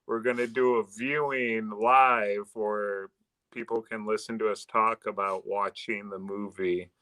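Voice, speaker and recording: Male co-host, low voice, slangy, casual podcast chat. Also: flat delivery, a little slow, sharp tone, no echo, rough recording. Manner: laid-back, slangy.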